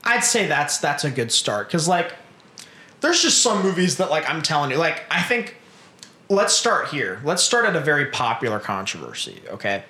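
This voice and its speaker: Man, casual chat, profane and lively, bright tone, roomy sound. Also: on the high side, normal speed. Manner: profane, animated storytelling.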